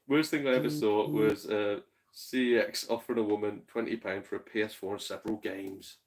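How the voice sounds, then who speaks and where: A man's voice: fairly low pitch, fairly even intonation, fairly quick, darkish tone. Tipsy, chatty streamer man. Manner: chatty, swears freely, laughs often, tipsy. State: slightly tipsy. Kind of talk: casual live-stream chat.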